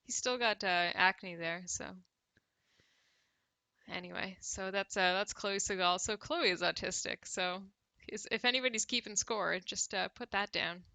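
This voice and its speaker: A Canadian woman with a Canadian accent hosts a casual livestream, reading the news with sarcastic asides, laughing often and drinking cider on stream. Her medium-pitched voice is measured in pace, pushed and bright, with no room sound but poor audio quality.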